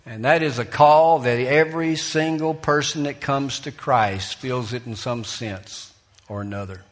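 A pastor preaches in church in a mid-pitched voice, spinning folksy stories from his own life. He drops low and soft for tender moments, then lifts sharply for emphasis, and chuckles along the way. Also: a little slow. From Alabama, US. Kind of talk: sermon.

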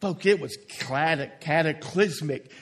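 Man, pastor preaching, high voice, unhurried delivery, folksy, emphatic drawn-out stresses. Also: a bit bright. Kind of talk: sermon.

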